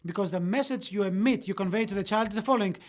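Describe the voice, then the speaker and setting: Halting voice-over interpreter of a lecture. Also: medium pitch. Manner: halting, with frequent fillers and self-corrections. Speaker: English voice-over interpreter for a parenting webinar.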